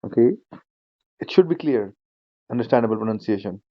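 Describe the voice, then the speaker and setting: A man's voice: mid-range voice, expressive, fairly quick, no room sound, dull audio. Man teaching a speaking class online. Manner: explanatory, repeats points, frequent fillers. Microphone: shared screen video class.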